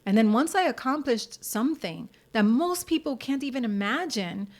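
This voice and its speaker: A woman's voice: on the high side, expressive, normal speed. An American woman, a singer-songwriter and actress, telling her story candidly in a casual interview and acting out the voices of people she quotes.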